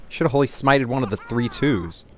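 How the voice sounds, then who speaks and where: A man giving live commentary on his own card game, thinking his moves through aloud and getting excited or laughing at his own mistakes at his home computer. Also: medium pitch, a little fast, slight background noise. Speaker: gameplay commentator.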